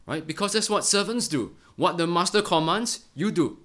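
A middle-aged man preaching a Bible-study sermon in an earnest way, often ending phrases with a quick "right?". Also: medium pitch, a bit bright. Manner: earnest, ends many phrases with a tag question "right?".

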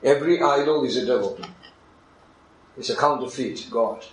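A man preaching a sermon as a pastor, in animated delivery that swings from loud, soaring climbs to near-whispers, with non-native English grammar as he acts out conversations. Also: medium pitch, moderate pace, reverberant, poor audio.

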